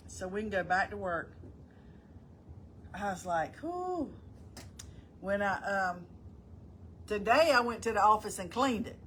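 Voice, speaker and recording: A woman's voice: mid-range voice, a little slow, pauses often, a bit bright, slight background noise. A middle-aged woman chatting casually on a live stream, folksy and talkative, greeting viewers by name as she goes.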